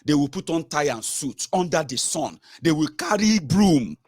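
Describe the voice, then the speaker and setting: A man's voice: a little high, big pitch swings, moderate pace, breathy edge, dry recording, studio quality. A man with a Nigerian accent, a political commentator ranting with scorn and repeated mocking labels. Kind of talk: opinion vlog rant.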